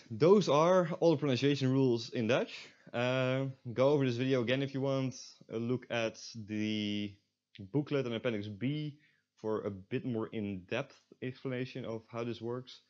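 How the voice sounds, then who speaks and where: A man teaching a recorded online language lesson. He explains patiently and says the example words slowly, several times over. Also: on the low side. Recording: dull lo-fi recording.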